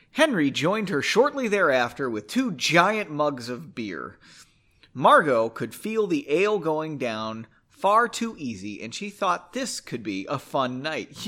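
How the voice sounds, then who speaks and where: Man reading a story on a podcast, sarcastic asides, lively pitch, fairly high voice. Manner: sarcastic, self-mocking.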